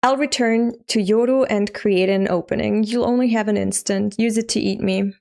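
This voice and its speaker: A woman reading aloud as a resigned teenage girl facing death, in a flat, weary way, her voice gravelly. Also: mid-range voice, moderate pace, lightly acted. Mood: urgent.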